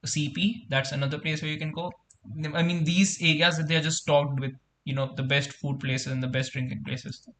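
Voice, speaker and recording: A man's voice: fairly high pitch, steady tone, fairly bright tone. A young man with an Indian English accent, casually co-hosting a watchalong and reading the chat, easygoing with lots of fillers. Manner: easygoing, filler-heavy, unhurried. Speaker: co-host, reads chat.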